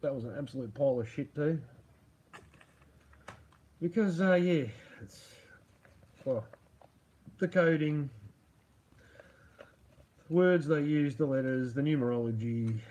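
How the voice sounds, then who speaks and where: Man, middle-aged, livestream host, husky, fairly high voice, sarcastic, rambling, swears a lot. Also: unhurried, long pauses, a little mellow, dull audio. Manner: profane, rambling, laughs often; sarcastic about media. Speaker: livestream host reading chat. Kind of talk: casual livestream chat.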